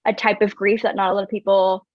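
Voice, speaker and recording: A woman's voice: medium pitch, flat delivery, quick pace, no room sound. Earnest woman guest, dull dry recording. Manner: earnest and reflective, heavy use of "like". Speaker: guest, wellness coach. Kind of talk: candid personal storytelling in an interview.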